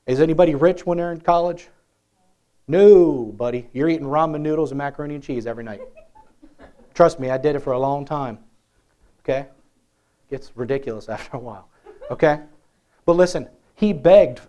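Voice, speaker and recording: A man preaching a sermon in a lively, conversational way, often asking the congregation questions. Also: a little high. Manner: animated, conversational, asks the crowd questions.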